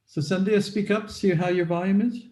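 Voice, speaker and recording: A man's voice: high voice, steady tone, moderate pace, a little mellow. A man presenting at a webinar over a video call, politely checking whether others can hear him. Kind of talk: live video call talk. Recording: echoey room over a call.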